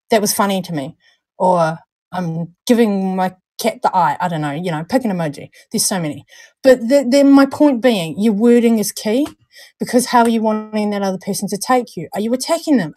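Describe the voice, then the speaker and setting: A woman's voice: mid-range voice, warm tone, no echo. A young woman co-hosting a casual livestream chat, talkative, stumbling over and repeating words and laughing at herself. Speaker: podcast co-host.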